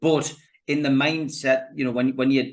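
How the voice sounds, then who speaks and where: With a steady tone, medium pitch and normal speed, a North East England man with a Geordie accent chats as a podcast guest. It's casual, chatty conversation, and he restarts frequently, calling the host "mate" and saying "you know, mate."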